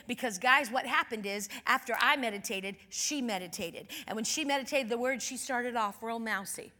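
Woman guest minister, high and sharp-toned, animated storyteller who rises to loud fervent preaching. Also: brisk, few pauses, in a large hall. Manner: fervent, rising to loud declarations; animated storytelling with acted quotes. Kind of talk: sermon.

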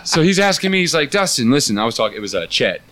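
A man's voice: mid-range voice, big pitch swings, racing, fairly bright tone. A man hosting a casual comedy podcast, joking around and swearing freely. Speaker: podcast host.

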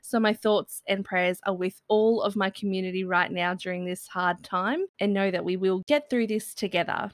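A woman's voice: medium pitch, moderate pace, few pauses. A young woman hosting a podcast interview, earnest and effusive as she introduces and thanks her guest. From Australia. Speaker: podcast host.

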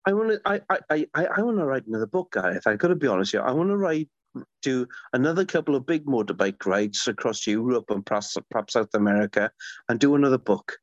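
A man's voice: medium pitch, animated, fast talker, no echo, dull audio. A middle-aged man, a guest author in a podcast interview, telling stories eagerly with lots of restarts. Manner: enthusiastic, rambling storyteller with many restarts.

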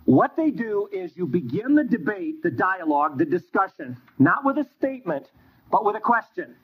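A man teaching a Bible class, telling stories in an animated way and acting out bits of dialogue. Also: sits high, moderate pace, breathy edge. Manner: animated storytelling with quoted dialogue. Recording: dull lo-fi recording.

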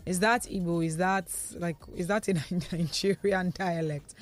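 A woman's voice: fairly low pitch, fairly even intonation, unhurried, soft background music. A woman hosting a radio talk show in a studio, reading listeners' comments aloud in a chatty way and laughing easily.

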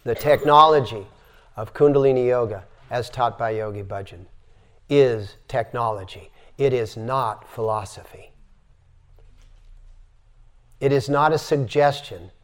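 An older yoga teacher gives a spiritual lecture in a mid-range voice, at a measured pace with long pauses. He demonstrates breathing by exhaling sighing sounds and tells stories with emphasis.

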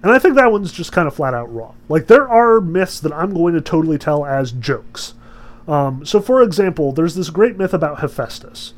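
A man's voice: a little high, expressive, normal speed. A man giving a casual lecture to a class, rambling with many fillers.

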